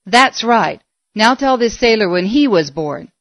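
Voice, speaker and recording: A woman voicing a gruff, curt young male game warden. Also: on the high side, animated, a little slow, no room sound, muffled recording.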